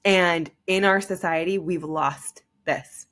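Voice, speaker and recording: A woman's voice: fairly low pitch, steady tone, slow, fairly bright tone. A young woman hosting a podcast, telling a personal story in a casual, chatty way, full of "like.". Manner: chatty, heavy use of "like". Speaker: podcast host.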